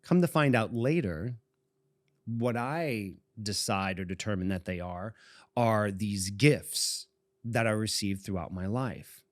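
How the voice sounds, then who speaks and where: 40s boston guy telling a rambling story on a podcast, keeps chuckling, deepish voice. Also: takes it slowly, no room sound, clean studio sound. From Boston, USA. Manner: meandering, chuckles often. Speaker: podcast co-host. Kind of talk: casual storytelling.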